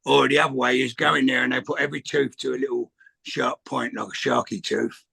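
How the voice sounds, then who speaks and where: A man's voice: mid-range voice, fairly even intonation, fairly quick, creaky, sharp tone, husky. A man, telling rambling, cheeky anecdotes in a casual chat, acting out what people said. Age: 60s. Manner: rambling anecdotes with swearing and acted quotes. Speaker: guest answering questions.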